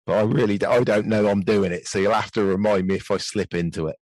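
Gentle British man, low voice. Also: fairly even intonation, fast talker, dry recording, poor audio. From United Kingdom. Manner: gentle, soft-spoken podcasting voice. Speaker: podcast host. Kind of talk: casual podcast chat.

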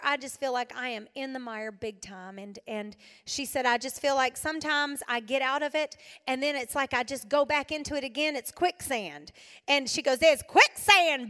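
A middle-aged woman preaching to a women's gathering, animated, swinging between loud exclaiming and hushed soft passages. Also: high-pitched, long reverb tail. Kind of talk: sermon. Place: hall addressed to an audience.

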